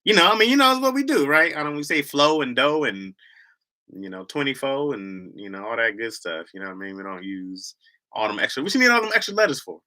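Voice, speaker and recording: A man's voice: mid-range voice, sing-song, fast, sharp tone. A man with a Michigan accent hosting a livestream, chatting casually in a slangy, rambling way and laughing often. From Lansing, Michigan, US. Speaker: livestream host.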